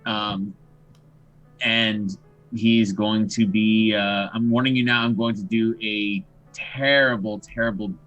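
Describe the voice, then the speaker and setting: A man's voice: fairly low pitch, fairly even intonation, slow, a bit bright, highs cut off, faint music behind. A man introducing himself as a player in a tabletop game, hesitant and self-deprecating. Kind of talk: casual live-stream chat.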